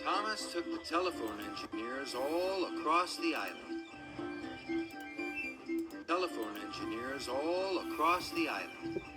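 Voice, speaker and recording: Expressive male storybook narrator. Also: a little high, a little slow, long pauses. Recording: music playing underneath.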